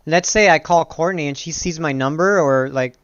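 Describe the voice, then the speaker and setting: A man's voice: on the high side, normal speed, a bit bright, dry recording, lo-fi sound. A man co-hosting a casual chat show, talking in an easygoing way. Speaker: podcast co-host.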